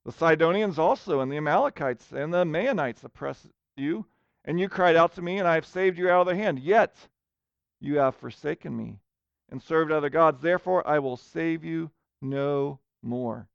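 A man preaches a sermon with an earnest, searching delivery, his questions rising with emphasis. His voice sits high and sounds smooth and resonant. The recording is dry and a little muffled. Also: normal speed, no echo. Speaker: pastor.

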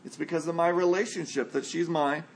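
A middle-aged male pastor delivers an earnest sermon. His voice sits a touch higher than most men's, and he lets it sink low and slow on the words he wants to land. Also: fairly even intonation, vocal fry, slight background noise. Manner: earnest preaching, slows and drops low for emphasis.

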